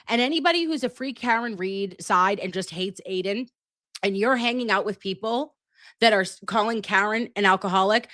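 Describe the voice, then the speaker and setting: A woman's voice: medium pitch, brisk, a bit bright, dry recording, studio quality. A woman on a livestream scolding the audience in an emphatic, insistent way. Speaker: livestream co-host.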